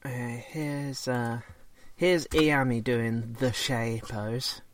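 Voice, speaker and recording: A man's voice: medium pitch, steady tone, extremely slow. A man chatting casually as a co-host, rambling and hesitant with many fillers and restarts. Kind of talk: casual chat.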